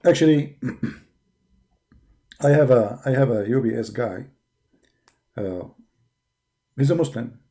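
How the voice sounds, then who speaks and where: A man's voice: medium pitch, slow, long pauses, warm tone. Combative man with an Arabic accent. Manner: combative, mocking, emphatic. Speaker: religious debater. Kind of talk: polemical monologue.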